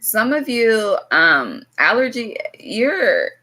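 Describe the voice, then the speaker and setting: A woman's voice: fairly high pitch, wildly swooping pitch, slow pace, background noise. A woman giving a loose, casual tarot reading to her viewers, blunt and swearing freely, drifting into chatty asides. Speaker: tarot reader.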